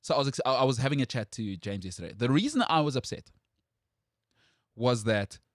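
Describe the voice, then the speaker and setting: A man's voice: brisk, dry recording, clean studio sound. A man hosting a sports talk show, holding forth with strong opinions in casual chat. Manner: animated, jumps high in pitch when outraged.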